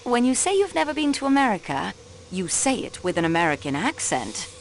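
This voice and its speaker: Medium pitch, big pitch swings and a brisk pace mark this woman's voice, recorded with slight background noise. She is a young woman doing game voice acting as a railway clerk turned detective in a mystery story. The character is a sharp, cool, persistent young sleuth, poised and probing, with French phrases mixed in.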